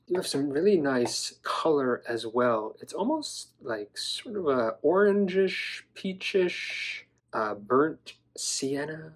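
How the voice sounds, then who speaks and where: A man talks through his dinosaur figures in a casual vlog. He is chatty and enthusiastic, and he stumbles playfully over his words now and then. His voice sits in a middle register, with a very lively, bouncing pitch. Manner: enthusiastic, chatty, playful, with some stammering restarts. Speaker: toy collector reviewer. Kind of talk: casual toy review vlog.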